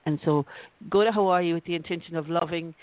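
A woman's voice: fairly low pitch, a little fast, no echo. Rambling woman host on a phone line. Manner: warm-hearted, rambling, restarts often. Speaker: radio show host, psychic. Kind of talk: on-air psychic reading. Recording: dry, tinny phone line.

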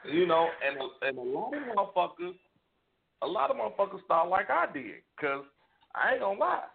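A man with a raised, gravelly voice spins a loose, profane story with lots of restarts, his pitch swinging widely. The sound is thin and tinny, like a phone line. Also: very animated, fairly quick. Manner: rambling and profane, with many restarts. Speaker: radio show host. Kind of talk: casual storytelling chat.

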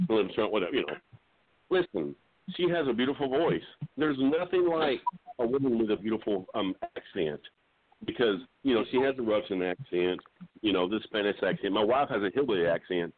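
A middle-aged man calling in to a talk show, telling meandering jokes with halting restarts. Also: lowish voice, animated, breathy edge, dry recording. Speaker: regular caller. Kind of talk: rambling comedic call-in chat. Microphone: phone. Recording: dry tinny phone line.

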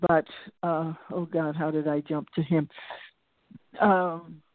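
A woman's voice: sits low, flat delivery, slow pace, no room sound. An older woman speaking as an interview guest, telling stories in a reflective, digressive way that often restarts and circles back to her point. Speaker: interview guest, singer and lecturer. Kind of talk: reflective conversational storytelling. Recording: tinny phone-line audio, dry.

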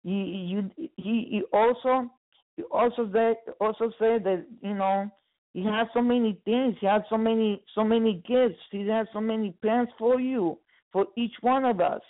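Evangelistic preacher, middle pitch, earnest and halting, heard through a narrow phone line. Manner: earnest, repetitive, many halting restarts; keeps addressing listeners as brothers and sisters.

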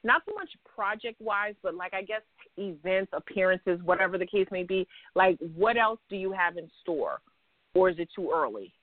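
A woman with a New York accent hosting a casual interview, playful and teasing, telling stories with lively asides. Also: medium pitch, normal speed, no room sound. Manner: playful, teasing, animated storyteller. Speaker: podcast host. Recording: dry, phone-like line.

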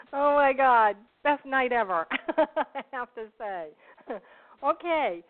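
A woman's voice: sits high, slight background noise. A woman co-hosting a radio call-in show, enthusiastic and laughing along. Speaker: co-host. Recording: phone-like narrow band.

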